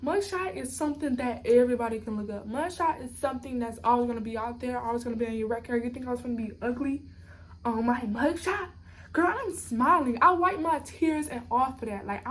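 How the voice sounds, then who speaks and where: A young woman tells a storytime vlog to her viewers in a lively, chatty way, her voice sitting a little high. Faint noise hums behind her. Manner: animated, talks straight to viewers as "y'all". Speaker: vlogger. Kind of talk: casual storytime.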